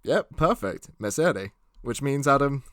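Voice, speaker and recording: A man's voice: mid-range voice, very animated, a little slow, a bit bright. A young man hosting a casual podcast quiz, playful and laughing often. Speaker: podcast host running a quiz.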